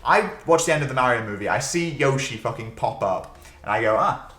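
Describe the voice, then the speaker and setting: A man's voice: medium pitch, expressive, brisk, a bit bright. A young man co-hosting a casual film podcast, blunt and given to swearing. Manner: blunt, swears a lot, frequent agreeing backchannels. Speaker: podcast co-host. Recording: roomy echo.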